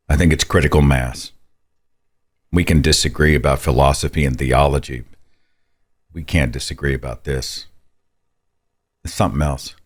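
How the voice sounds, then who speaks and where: A man hosting a call-in talk show, venting in a rambling, exasperated way with many rising rhetorical questions. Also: a bass voice. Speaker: podcast host.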